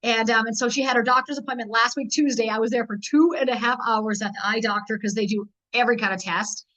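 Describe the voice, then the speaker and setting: A middle-aged woman giving an energetic, rallying business training talk as a network marketing team leader, telling stories quickly. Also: on the high side. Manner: energetic, rallying, rapid storytelling. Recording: dull lo-fi recording.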